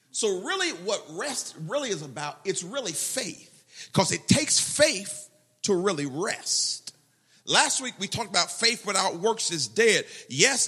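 A man preaching a sermon as pastor, animated, quoting prayers and scripture. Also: sits high, breathy edge.

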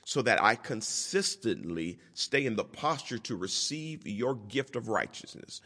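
A pastor delivers a sermon in a fairly low voice, stacking repeated phrases into a rolling rhythm. His voice carries a long reverb from the church hall around him. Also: very animated, unhurried, sharp tone. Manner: repetitive preaching cadence.

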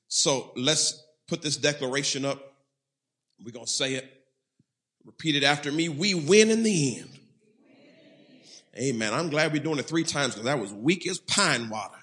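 A male pastor preaching a sermon, breaking into loud shouted bursts, throwing in folksy humor and leading the congregation in call-and-response. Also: mid-range voice, moderate pace.

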